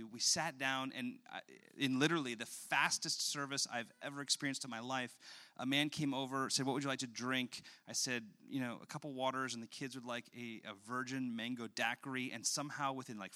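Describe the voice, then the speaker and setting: A man in his thirties, a pastor, preaching a sermon and telling an animated story about his young daughter. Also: mid-range voice.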